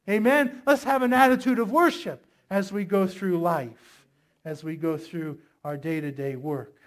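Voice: medium pitch, measured pace. Emphatic preacher delivering a sermon. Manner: emphatic preaching with rhetorical questions. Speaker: pastor.

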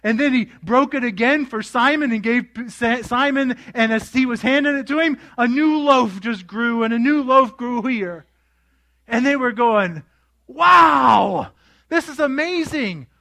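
A high-pitched male pastor delivers his sermon, acting out the scenes he retells. He keeps asking his congregation questions as he goes. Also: moderate pace, few pauses. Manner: animated storytelling with quoted voices, asking the congregation.

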